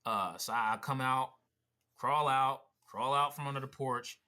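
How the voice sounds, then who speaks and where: A man's voice: medium pitch, measured pace, pushed and bright. A man from Pennsylvania hosting a casual reaction vlog, telling a story in loose slangy speech with frequent swearing. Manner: casual slangy, swears, says bro often. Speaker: vlog host reacting to a video.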